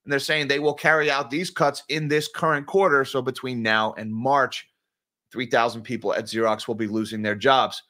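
A man's voice: mid-range voice, steady tone, normal speed, bright, forceful tone. A man commenting on finance and market news for viewers, reading headlines and adding sarcastic asides. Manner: sarcastic, informal, addresses viewers as guys.

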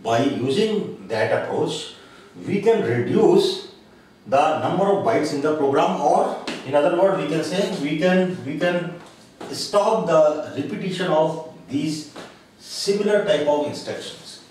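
Slow, deliberate male lecturer in an echoey room. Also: on the high side, darkish tone. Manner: slow, deliberate explaining with frequent pauses and uh fillers. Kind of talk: recorded classroom lecture. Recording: very echoey room, voice from a distance, faint background noise.

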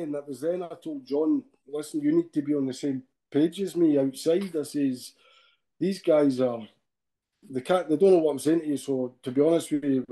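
A man's voice: on the high side, warm tone. A Scottish man in a podcast interview, recounting his ordeal emotionally and often ending sentences with "eh?". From Scotland. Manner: emotional storytelling, tags sentences with "eh?", halting restarts. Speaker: podcast guest. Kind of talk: personal account in a podcast interview.

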